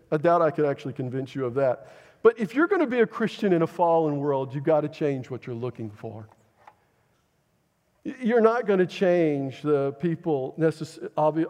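A man preaching a sermon as pastor, talking in a conversational, animated storytelling way with humor, stumbling into restarts when he gets excited. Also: mid-range voice, big-room sound.

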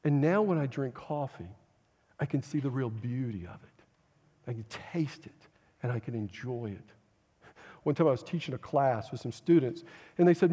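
A man preaching a sermon as pastor, talking in a conversational, animated storytelling way with humor, stumbling into restarts when he gets excited. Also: mid-range voice, normal speed, pauses often, in a large hall.

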